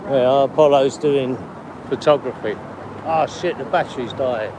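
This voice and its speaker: A man's voice: medium pitch, a little slow. A man chatting with strangers on a live stream while walking a city street. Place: city street outdoors with traffic. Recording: street noise and traffic.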